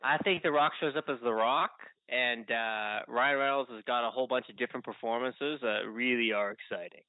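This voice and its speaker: A man's voice: medium pitch, brisk, no room sound. A playful, opinionated man co-hosts a debate in casual chat. His mid-range voice comes through dry and thin, like a phone line. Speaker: podcast co-host.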